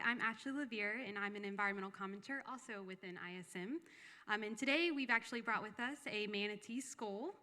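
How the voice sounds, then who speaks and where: A woman's voice: medium pitch, sharp tone. A woman presenting a course who poses questions to the audience. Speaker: presenter, environmental specialist. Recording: long hall reverb.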